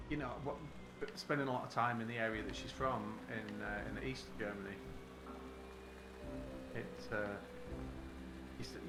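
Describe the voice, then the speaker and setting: A British man chatting casually while streaming a game, rambling and restarting his sentences. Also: medium pitch. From United Kingdom. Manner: rambling, full of restarts and fillers. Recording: roomy echo, background noise.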